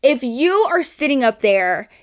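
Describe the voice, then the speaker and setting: A young woman telling a story to her viewers in a casual, animated way, swearing freely and calling them y'all. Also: high voice, measured pace.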